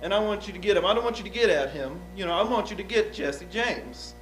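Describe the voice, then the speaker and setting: A man's voice: high voice, lively intonation, quick pace, a bit bright, faint music behind. A man playing a young, uneducated outlaw on the witness stand, talking in a folksy, rambling, hesitant way. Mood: guarded. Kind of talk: improvised courtroom drama.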